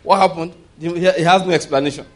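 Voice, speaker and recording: Male preacher, slightly high voice, conversational sermon with call-and-response. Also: steady tone, quick pace.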